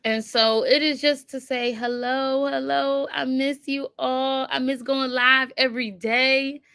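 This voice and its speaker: A woman's voice: high voice, flat delivery, measured pace, bright, forceful tone, clear, resonant tone, dry recording. A woman hosting a casual livestream on her computer, chatting and reciting affirmations with frequent laughs. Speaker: livestream host. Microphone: computer mic.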